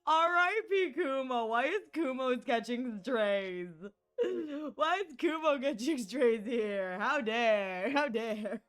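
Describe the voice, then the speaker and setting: Woman streamer, giggly and squealing, high and unhurried, game music low underneath. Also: animated, a bit bright, clean tone. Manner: laughing uncontrollably, squealing. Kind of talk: casual live-stream gaming commentary.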